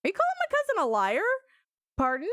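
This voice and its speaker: A man's voice: extremely high pitch, huge pitch swings, quick pace, fairly bright tone, no room sound, clean studio sound, exaggerated voice. An actor playing a curt, pompous man who is easily offended, in full-motion video game dialogue. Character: prickly, pompous middle-aged man.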